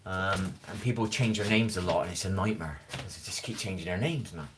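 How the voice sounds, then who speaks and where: Sleepy west country bloke chatting on a phone livestream, rambly, faint hiss. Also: male voice, low voice, fairly quick. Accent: West Country English. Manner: rambling, chatty, reads chat names aloud. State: tired after little sleep. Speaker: livestream host. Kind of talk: casual livestream chat.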